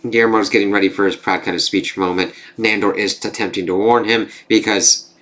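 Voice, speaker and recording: Lowish-voiced man recapping casually. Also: steady tone, brisk, fairly bright tone. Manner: rambling, heavy swearing, many fillers. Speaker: TV reviewer. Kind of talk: casual spoken episode recap.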